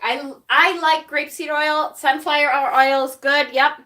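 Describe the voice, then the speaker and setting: A witchcraft channel host with a Rochester, New York accent runs a casual livestream in a high, pushed, bright voice, steady in tone and unhurried. She's chatty and rambling, laughs often and answers viewer comments.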